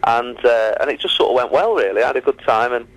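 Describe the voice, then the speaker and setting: A man with a Northern English accent, a comedian chatting as a guest in a casual radio interview, telling stories with quick laughs and asides. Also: mid-range voice, expressive, rough recording.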